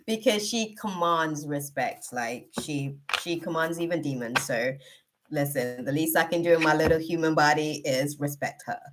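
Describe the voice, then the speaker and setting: A woman's voice: deep voice, a little slow, fairly bright tone. A woman hosting a live tarot reading, chatting casually and laughing often as she talks. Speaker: tarot reader, live-stream host.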